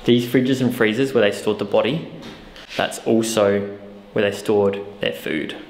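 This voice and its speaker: A man speaks to the camera in a relaxed, rambling vlog style, full of fillers and quick to get spooked. His mid-range voice bounces around a bare, echoing building with a long tail of reverb. A faint background hiss sits under it. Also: fairly low pitch. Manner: chatty, easily spooked, lots of fillers. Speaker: co-host of a ghost-hunting channel. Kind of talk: casual vlog narration. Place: inside an empty old hospital building. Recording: echoey, reverberant room with faint noise.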